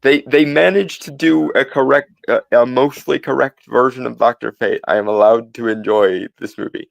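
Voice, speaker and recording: A man co-hosting a podcast, musing through his opinions in a halting way with many restarts and fillers. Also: mid-range voice, gravelly, no room sound. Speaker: podcast co-host. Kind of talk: casual opinion chat.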